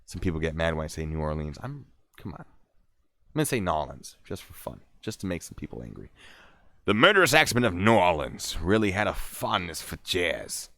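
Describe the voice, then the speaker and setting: A man's voice: rumbling low, sing-song, normal speed, gravelly, a bit bright, no room sound. A man hosting a casual livestream, reading out true-crime trivia and adding joking, sarcastic asides. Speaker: streamer reading stories.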